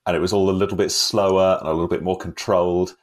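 A man's voice: sits low, level tone, quick pace. A man co-hosting a casual film review chat, wry and rambling, laughing often. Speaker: podcast co-host.

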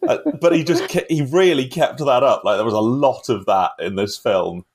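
A man's voice: medium pitch, moderate pace, darkish tone, slightly rough. A man co-hosting a casual film review chat, wry and rambling, laughing often. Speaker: podcast co-host.

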